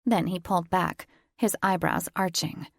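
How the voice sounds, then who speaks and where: A woman's voice: fairly low pitch, steady tone, moderate pace, gravelly, no echo, clean studio sound. A woman narrating a first-person romance audiobook in an intimate, teasing reading.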